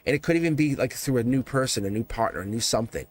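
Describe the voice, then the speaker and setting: A man's voice: mid-range voice, animated, rapid-fire, soft background music. A man hosting a live tarot reading stream, talking casually to viewers in a chatty, upbeat way, often laughing and restarting his sentences.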